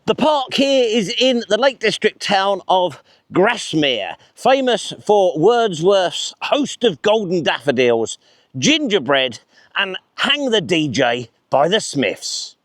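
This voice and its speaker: Lively, enthusiastic man outdoors. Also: high voice, slow pace, no echo. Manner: chatty, enthusiastic and self-mocking. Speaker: vlog host. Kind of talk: presenting to camera. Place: outdoors in a park.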